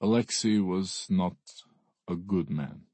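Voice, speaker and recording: A man doing a slow, formal Russian priest. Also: sits low, dark tone, slightly rough, no echo, exaggerated voice. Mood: somber. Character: somber cordial Russian priest, dead man's brother.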